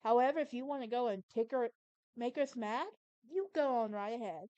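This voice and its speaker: A woman's voice: on the high side, normal speed, warm tone, dry recording, muffled recording. A Southern woman with a Southern US accent hosting a podcast, talking in a sassy, opinionated, emphatic way. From American South. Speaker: podcast host. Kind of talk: casual monologue.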